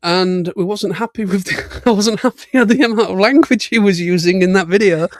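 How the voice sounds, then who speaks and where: A high-pitched British man hosts a relaxed livestream chat, telling stories loosely, with lots of restarts and laughter in his delivery. The recording is close and dry, with no room sound. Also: a little fast, no room sound. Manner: chatty storytelling with laughs and restarts. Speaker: livestream host. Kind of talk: casual chat.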